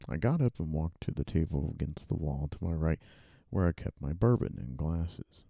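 A man, an author, thinks aloud while drafting and typing in a dark room, muttering, rereading and correcting himself. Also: very deep voice, animated, moderate pace, vocal fry, slightly rough, no echo, lo-fi sound.

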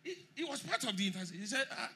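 A man preaching a sermon emphatically, rising to shouts and leading the congregation in call and response. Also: high voice, big pitch swings, very fast, slightly rough.

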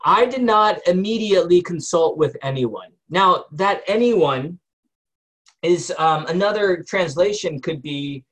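A man's voice: high voice, a bit bright. A man leading a group Bible study in a conversational way, often asking the group questions and using many fillers.

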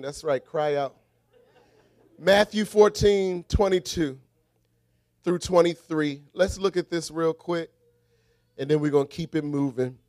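High-voiced man preaching a sermon. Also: no room sound, clean studio sound. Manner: rhythmic call-and-response preaching, swings from shouted refrains to quiet asides.

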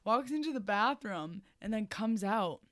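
A woman's voice: mid-range voice, lively intonation, unhurried, a bit bright, no echo, clean studio sound. A young woman co-hosting a casual chat, laughing through her stories and giving friendly advice. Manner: laughing storyteller, casual and chatty.

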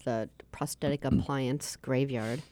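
A woman's voice: very deep voice, fairly even intonation, warm tone, no room sound. A middle-aged woman co-hosting a comedy radio show, chatty and easygoing in casual banter. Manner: chatty, easygoing, quick to laugh. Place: radio studio.

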